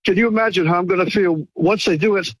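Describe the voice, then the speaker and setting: Gushing high-voiced male caller. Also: fast, rough recording. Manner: gushing, grateful, emotional. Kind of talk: phone-in call.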